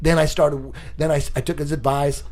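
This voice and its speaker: A man telling crude stories in a casual chat, profane and animated, punching them up with sound effects. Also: on the high side, moderate pace. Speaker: podcast guest.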